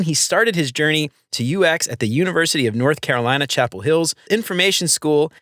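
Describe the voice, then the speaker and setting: This easygoing podcast host's voice is a little high and a bit bright, recorded on a dry close mic with no echo. His casual chat is upbeat, relaxed and slangy.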